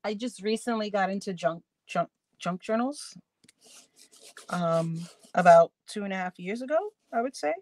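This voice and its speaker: A woman's voice: mid-range voice, expressive, normal speed, a little mellow, dry recording. A woman hosting a crafting live stream, chatting casually with her viewers and laughing often as she works. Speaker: crafting channel host.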